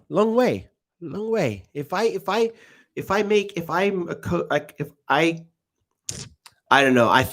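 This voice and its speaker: A man in his thirties with a London accent, giving chatty, self-assured commentary on a football watchalong stream and reading chat. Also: a little high. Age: 30s. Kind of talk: casual live-stream commentary.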